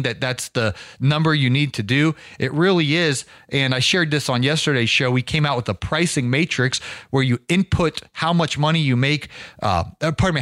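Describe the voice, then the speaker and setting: Man, middle-aged, podcast host, energetic, folksy, repeats himself, dry close sound. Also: on the high side, dry recording. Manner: energetic, folksy, repeats words while restarting. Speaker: podcast host and business coach. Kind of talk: casual podcast monologue.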